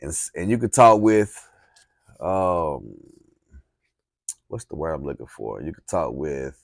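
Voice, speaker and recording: A man with a very deep voice and a Southern US accent gives relaxed, encouraging speaking tips. He rambles a little and says "um" now and then. The recording is dry and close, with no room sound. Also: unhurried, gravelly, no echo. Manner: relaxed, encouraging, rambling with fillers and reading aloud. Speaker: speaking coach. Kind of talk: casual instructional talk.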